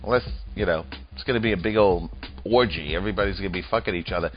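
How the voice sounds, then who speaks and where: A man's voice: sits low, expressive, fast talker. A man doing rambling, profane comedic political commentary, crude and mocking as he talks. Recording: dull lo-fi audio with faint music.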